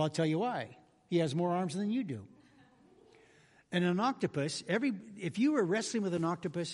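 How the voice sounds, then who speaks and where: A man's voice: sits high, fairly bright tone, breathy edge. A man pastor giving a sermon in a folksy, humorous, conversational way with sudden emphatic bursts. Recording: reverberant church hall.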